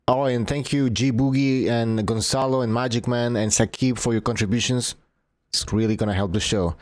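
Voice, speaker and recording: A man hosting a casual podcast, relaxed and chatty, wrapping up and thanking his chat. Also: mid-range voice, moderate pace, no room sound, studio quality. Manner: relaxed, reads chat names aloud. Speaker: podcast host.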